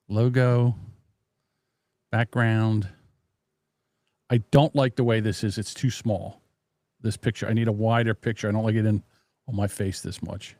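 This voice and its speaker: A man's voice: fairly low pitch, no room sound. Blunt, profane man on a live stream. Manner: muttering to himself while fiddling with software. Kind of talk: casual live stream chat. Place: home desk. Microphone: desk microphone.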